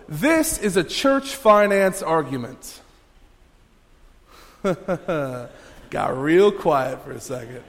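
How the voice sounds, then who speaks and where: A man's voice: high-pitched, very animated, a little slow, a bit bright. A male pastor preaching a sermon in a conversational way, with many fillers and restarts. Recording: long hall reverb.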